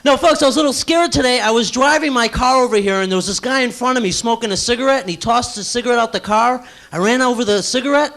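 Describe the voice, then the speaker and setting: A young man works a small cafe crowd with a nervous, animated stand-up set. His voice sits very high, and he drops into quick sung bits between jokes. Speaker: stand-up comedian. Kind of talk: stand-up comedy routine. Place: small cafe stage with a live audience.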